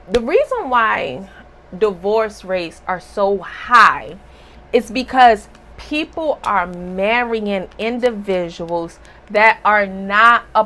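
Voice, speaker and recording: A woman's voice: mid-range voice, a bit bright. A woman giving a casual spiritual reading, talking bluntly and emphatically with a scolding tone. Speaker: spiritual reader.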